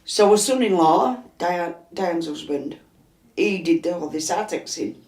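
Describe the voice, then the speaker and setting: Her voice is lowish and a little mellow, with lively intonation and a slightly slow delivery. She's an older Yorkshire woman with a chesty cough, interviewed as a resident at home, telling a story and acting out the lines. The space sounds roomy and echoey.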